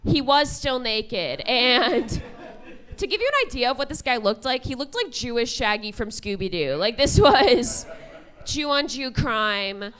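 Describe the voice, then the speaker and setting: A woman in her twenties doing a stand-up comedy set on a club stage, deadpan delivery and laughing at her own jokes. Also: high voice, measured pace, clear, resonant tone. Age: 20s.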